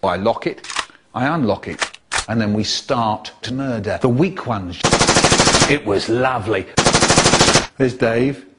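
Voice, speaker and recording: A man telling comic stories in an animated, exaggerated way, with sudden leaps in pitch. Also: takes it slowly, pauses often, heavy background noise. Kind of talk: spliced comic storytelling.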